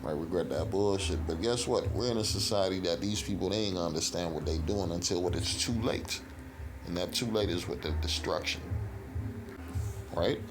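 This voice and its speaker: A man teaching scripture in a rough, profane street style, reading verses and asking "right?" again and again. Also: low-pitched, normal speed, over music. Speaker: street preacher.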